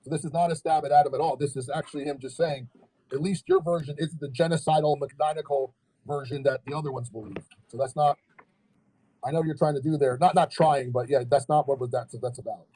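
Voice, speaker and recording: A man's voice: fairly high pitch, steady tone, quick pace, mellow, husky, low-quality recording. A man on a livestream, arguing heatedly and rebutting comments he reads aloud.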